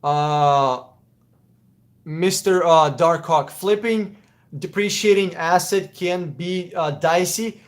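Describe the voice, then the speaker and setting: A man's voice: fairly high pitch, slow. A man with a Russian accent hosting a casual live Q&A stream, answering chat questions in a blunt, profane, opinionated way. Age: adult.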